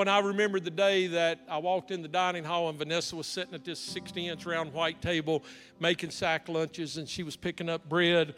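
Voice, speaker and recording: Male pastor, high bright voice, animated storytelling sermon in a reverberant church hall with faint music. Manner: animated storyteller, acting out dialogue.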